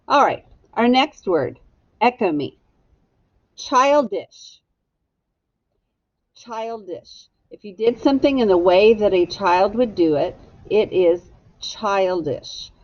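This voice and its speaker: A woman's voice: medium pitch, lively intonation, slow pace, pauses often, a little mellow, dry recording, lo-fi sound. A woman teacher giving a phonics lesson to young children, patiently sounding out and spelling each word.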